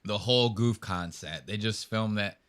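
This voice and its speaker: Man, podcast host, casual chat, animated storytelling. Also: on the low side, moderate pace, very noisy. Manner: animated storytelling with acted-out quotes and laughs. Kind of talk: casual chat reacting to clips.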